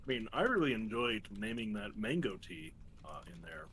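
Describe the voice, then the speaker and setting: A man in a casual chat who drops dry, deadpan quips. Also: on the low side, moderate pace, a little hiss or hum.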